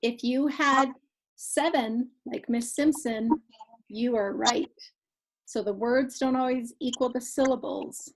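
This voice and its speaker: A woman's voice: fairly high pitch, slow pace, low-quality recording. A woman teaching a grade two class in an online lesson, asking the children questions while she counts.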